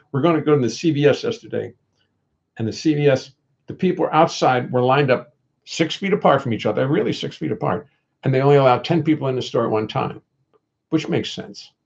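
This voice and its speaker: A man's voice: mid-range voice, gravelly, dull audio. An older man hosting a live stream from home, chatting in a wry, joking, meandering way. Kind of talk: casual rambling chat.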